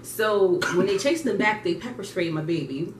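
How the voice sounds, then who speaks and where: A woman's voice: mid-range voice, normal speed. A woman in her twenties casually telling stories and laughing with a friend. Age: 20s. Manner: laughing storyteller, animated quoting. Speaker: vlogger co-host. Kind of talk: casual chat. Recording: echoey room, distant mic, faint hiss.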